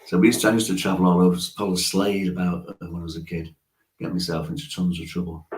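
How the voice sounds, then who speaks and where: Brief: man, 60s, low-pitched storyteller with frequent chuckles, roomy echo. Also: flat delivery, fast. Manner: chatty storyteller, chuckles often. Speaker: musician guest. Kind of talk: casual interview chat.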